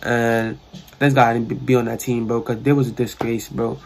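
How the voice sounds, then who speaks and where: A young man with a New York accent speaks in a creaky, mid-range voice at a fairly quick pace, with a little hiss or hum in the background. He's a storyteller vlogger doing a casual storytime in a bedroom, his sister's room, rambling and slangy as he animatedly retells events.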